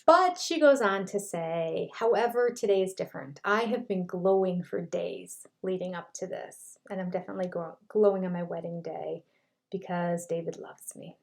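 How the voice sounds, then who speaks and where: A woman's voice: on the low side, normal speed, creaky. An older woman reviewing a reality show in casual commentary, retelling scenes in a chatty way and quoting what people said.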